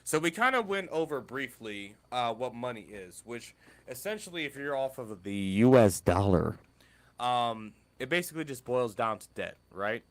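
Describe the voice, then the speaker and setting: A man on a casual podcast talks in loose, rambling sentences full of fillers. His pitch swings widely, and he keeps pulling the talk back on track. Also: big pitch swings, moderate pace. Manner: loose, rambling, filler-heavy, steers the topic. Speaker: podcast co-host.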